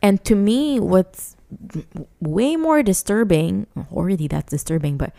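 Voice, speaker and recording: A woman's voice: mid-range voice, lively intonation, unhurried, vocal fry, warm tone. A woman co-hosting a podcast, talking earnestly and with rising indignation, with frequent restarts. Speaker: podcast co-host. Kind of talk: casual chat.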